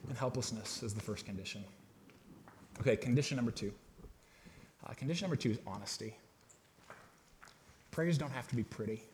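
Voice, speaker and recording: A man preaching a sermon to a congregation in a casual, conversational way, swinging between loud emphatic bursts and quiet, low asides. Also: fairly quick, long pauses, a little hiss or hum. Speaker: pastor. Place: church hall with a congregation.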